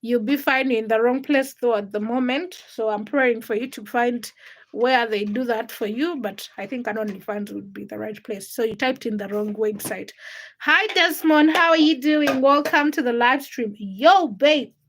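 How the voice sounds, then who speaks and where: A woman from Uganda hosts a casual livestream from her home, chatting easily and greeting viewers one by one. Her voice sits high and sounds bright. She reads out comments and answers them as they come in. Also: moderate pace. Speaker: livestream host.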